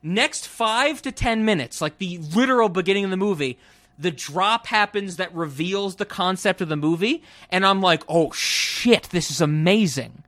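A young man talks films on a podcast in a high, bright, forceful voice. He gushes with open enthusiasm and drops swear words freely. His style is loose and conversational. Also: normal speed. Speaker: podcast co-host. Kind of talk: casual film discussion.

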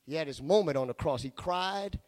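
A man preaching a sermon, repeating phrases and swelling into sung, shouted cadences. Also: fairly high pitch, brisk. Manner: chanting, sing-song cadence rising into shouts.

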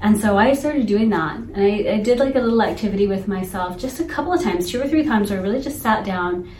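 A woman co-hosting a casual talk show tells a personal story with lively, laughing energy. Her voice sits at a middle pitch and rings in an echoey room, with faint noise behind it. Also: fast talker. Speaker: podcast co-host and emotional intelligence coach. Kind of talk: casual chat.

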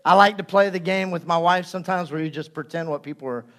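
High-voiced man preaching with playful asides. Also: fast, fairly bright tone. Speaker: pastor. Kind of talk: sermon.

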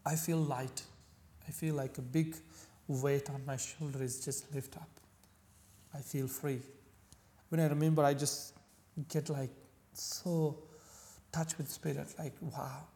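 Mellow-voiced man, earnest testimony. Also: a little high, level tone, in a large hall. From Pakistan. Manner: earnest, halting non-native English with restarts. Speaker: guest. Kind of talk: personal faith testimony in conversation.

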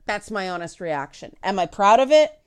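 A woman in her thirties giving blunt, opinionated commentary, emphatic and quick to swear. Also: medium pitch, smooth. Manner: blunt and profane, animated and emphatic. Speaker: video commentator.

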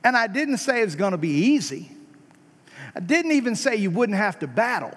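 A man preaching a sermon, talking conversationally with rhetorical questions and punching key lines with emphatic rises before dropping low. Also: sing-song, moderate pace, a bit bright. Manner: emphatic, rising to high stressed peaks then dropping low. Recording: long hall reverb.

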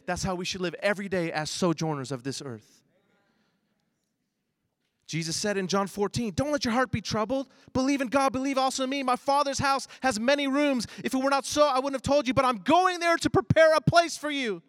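Male pastor, 30s, high voice, bold sermon delivery, sudden quiet asides, dry close sound. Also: no echo. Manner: animated preacher, swings between loud emphasis and low asides.

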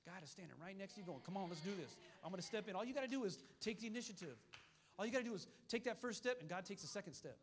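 A man's voice: sits high, lively intonation, racing, a little hiss or hum. A male pastor preaching a fiery sermon, repeating his points and calling out to the congregation. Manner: fiery, repetitive preaching with call-and-response asides.

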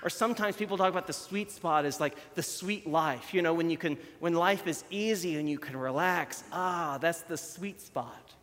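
A man's voice: on the high side, fairly quick, few pauses, fairly bright tone, in a large hall. A man preaching a conversational sermon in a chatty, self-deprecating way. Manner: chatty, self-deprecating, shows props while talking.

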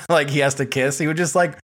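A man's voice: a little high, steady tone, fairly quick, fairly bright tone. A man co-hosting a comedy podcast, telling mocking stories in a rambling way full of "like"s. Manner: mocking, rambling storyteller with many "like"s. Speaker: podcast co-host. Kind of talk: casual podcast banter.

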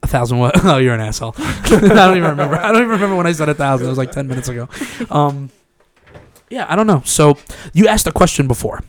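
A man's voice: a little high, animated, quick pace. A young man co-hosting a casual podcast chat, telling rambling, profane stories with laughs into a studio mic. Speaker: podcast co-host.

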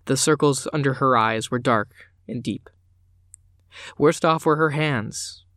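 Male audiobook narrator, mid pitch, measured pacing, dry close sound. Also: fairly bright tone, dry recording.

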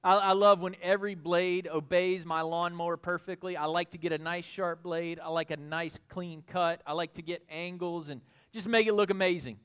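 Male pastor, high-pitched, animated folksy preaching. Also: moderate pace, few pauses, clean tone. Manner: animated, builds to excited shouts, folksy asides. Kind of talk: expository sermon.

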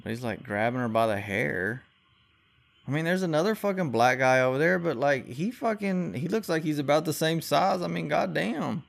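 A man's voice: a little high, lively intonation, moderate pace, creaky. A man hosting a podcast in a casual, rambling rant, swearing constantly and filling his talk with "like". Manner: profane, rambling, heavy use of filler "like". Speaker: podcast host.

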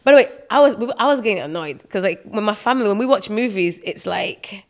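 A young woman, co-hosting a podcast and telling stories in an animated, playful way. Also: medium pitch, brisk. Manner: animated storytelling, playful and defensive. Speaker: podcast co-host. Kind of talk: casual chat.

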